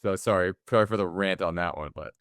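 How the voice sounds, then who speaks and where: A man's voice: low voice, quick pace, a bit bright, smooth, no room sound, studio quality. A man co-hosting a movie podcast, chatting casually and rambling, often acting out imagined lines from other people. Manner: rambling, acts out imagined quotes in voices. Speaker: podcast co-host. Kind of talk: casual film discussion.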